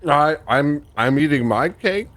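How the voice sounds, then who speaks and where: A woman's voice: low voice, expressive, measured pace, dry recording. A woman playing a tabletop game, answering in hesitant, giggly bits. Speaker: player. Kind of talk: casual tabletop game banter. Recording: noisy mic with clicks.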